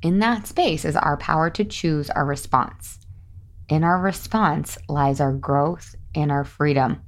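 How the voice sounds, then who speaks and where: A woman in her thirties hosting a podcast, talking casually and laughing often as she speaks straight to her listeners. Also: low-pitched. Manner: chatty, laughs often, addresses listeners as you guys. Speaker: podcast host.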